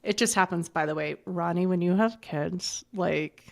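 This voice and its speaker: A woman's voice: fairly low pitch, moderate pace, gravelly. A middle-aged woman telling a personal story as a podcast guest, bluntly and with swearing, acting out the lines of others. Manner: blunt and animated, swears freely, acts out quoted dialogue. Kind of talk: candid storytelling in conversation.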